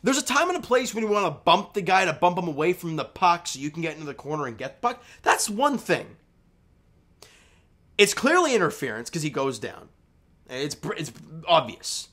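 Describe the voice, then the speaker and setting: A young man giving a casual, animated recap of a hockey game, talking over replays and arguing about penalty calls. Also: a little high, normal speed. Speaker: hockey commentator.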